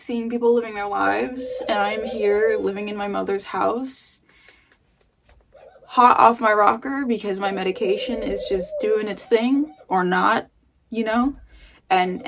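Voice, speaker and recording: Woman vlogger, high-pitched, rambling vent swinging soft to loud, faint hiss behind. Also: a little slow, creaky, pauses often. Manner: rambling, swings between muttering and loud outbursts. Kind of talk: emotional casual rant. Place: home.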